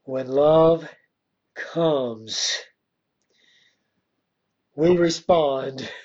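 A man preaching a sermon, praying and then telling a story slowly and deliberately, with pauses. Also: a little high, a little mellow, muffled recording. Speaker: pastor.

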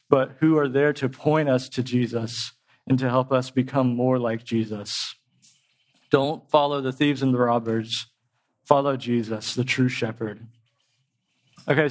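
A man preaching a sermon in a casual, explanatory way, with a tickle in his throat. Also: medium pitch. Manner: conversational, explains with pop culture examples.

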